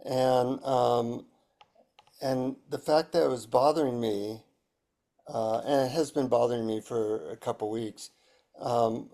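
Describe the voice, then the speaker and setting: Slow, gravelly-voiced man. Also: medium pitch, fairly even intonation, mellow. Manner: reflective, hesitant, slow. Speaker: workshop participant. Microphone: video call.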